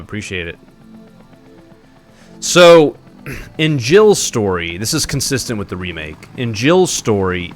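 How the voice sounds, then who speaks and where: A man commenting on a game during a live stream. He talks at a middle pitch with a lively, swinging melody, often mocking what he sees and laughing. Faint music plays behind him.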